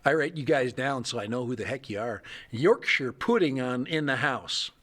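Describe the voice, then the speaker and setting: A man's voice: medium pitch, expressive, normal speed, fairly bright tone. A middle-aged man hosting a casual livestream, rambling and joking as he reads out viewer comments. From United States. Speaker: livestream host.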